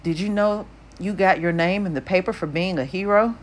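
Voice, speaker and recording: An earnest teenage boy speaks to a wounded friend with urgent, forced cheerfulness, as a woman reads his part. The voice stays low in pitch. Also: moderate pace, close to an everyday voice. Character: anxious teenage boy, the narrator, talking to a friend.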